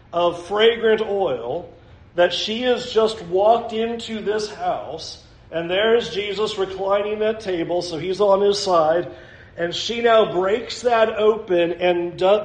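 A male pastor preaching a sermon in a conversational way, talking straight to the congregation with casual fillers. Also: sits high. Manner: conversational, addresses the congregation directly; uses many fillers and hedging phrases. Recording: echoey room.

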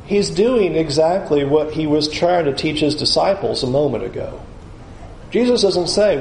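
A male pastor preaches in a high voice, pressing hard on his points and asking listeners to picture what happens. The sound is roomy and echoing, with a faint hiss beneath. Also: lively intonation, moderate pace, gravelly, darkish tone. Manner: emphatic, urges listeners to picture the scene. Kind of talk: sermon.

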